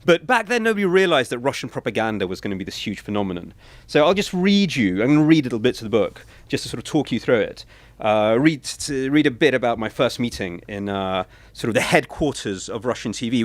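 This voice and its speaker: A man's voice: medium pitch, sing-song, fast talker, no echo. A man in his forties giving a talk about his book and reading extracts, hesitant and thoughtful, with many fillers and restarts. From Britain.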